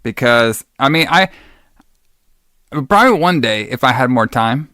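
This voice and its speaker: A man's voice: medium pitch, expressive, unhurried, sharp tone, no echo, clean studio sound. A man co-hosting a casual podcast, rambling with lots of fillers and enthusiastic about old wrestling shows. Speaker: podcast co-host.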